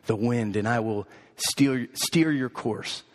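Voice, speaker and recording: A man voicing a patient, loving mother rabbit from a storybook in a soft, lowered voice. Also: slow, lightly acted. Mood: tender. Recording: echoey hall.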